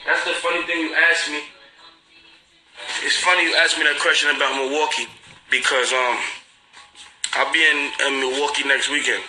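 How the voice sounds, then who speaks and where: A man's voice: fairly high pitch, fairly even intonation, normal speed, pauses often, sharp tone, faint music behind, rough recording. A young man with a New York accent, casually chatting and teasing commenters on a livestream. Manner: laid-back, slangy, mocking. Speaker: livestream host.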